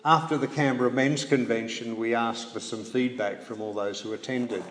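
Measured male preacher, echoey hall. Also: medium pitch, fairly even intonation. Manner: measured, with rhetorical questions and dry humorous asides. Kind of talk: sermon. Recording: echoey hall, faint background noise.

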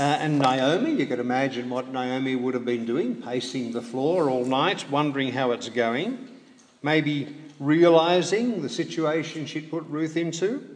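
A man preaching a sermon in a measured way, with rhetorical questions and dry humorous asides. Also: a little high. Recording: echoey hall, faint background noise.

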